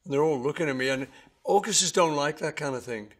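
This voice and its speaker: Musician guy chatting easy, wanders through his stories, fixes himself mid-sentence, slightly high voice. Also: fast talker. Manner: relaxed and rambling, with frequent self-corrections and fillers. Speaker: interviewee musician. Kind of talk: casual anecdotal storytelling.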